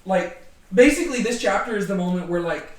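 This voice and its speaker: A man leading a casual Bible study, talking in an animated way with many fillers. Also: high-pitched, a little fast. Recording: echoey room, distant from mic.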